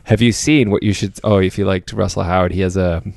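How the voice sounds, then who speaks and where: Podcast co-host, young man, low voice, dry close sound, rambling casual chat. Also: steady tone, a little fast, creaky, darkish tone, dry recording. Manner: rambling, laughs often, many restarts.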